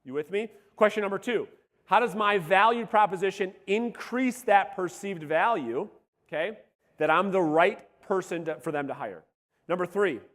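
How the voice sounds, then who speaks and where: A man with a high, straining voice that is wearing hoarse, firing questions at a live audience with blunt, profane energy. His talk rings with the long echo of a large hall. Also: a bit bright. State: voice going hoarse. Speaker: real estate sales coach. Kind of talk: live seminar talk to a room. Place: seminar room before a live audience.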